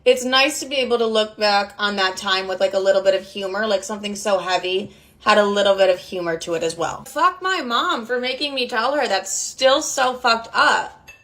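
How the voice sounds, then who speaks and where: A woman's voice: mid-range voice, normal speed, fairly bright tone. A woman in her twenties telling a profane, chatty story about her family, full of quoted dialogue. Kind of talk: casual storytime.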